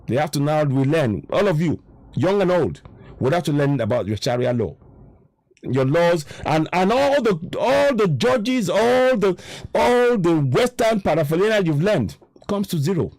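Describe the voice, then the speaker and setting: A man's voice: fairly high pitch, sing-song, measured pace, a little mellow, dry recording. A Nigerian man with a Yoruba-tinged accent, giving a frustrated, impassioned political monologue and repeating himself for emphasis. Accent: Nigerian English, Yoruba. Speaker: online commentator.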